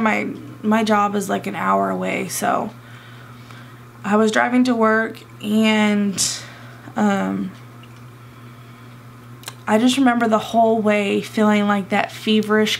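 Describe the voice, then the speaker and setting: A young woman vlogger telling a personal story in an emotional, halting way, close to tears and full of fillers. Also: medium pitch, creaky, a little hiss or hum.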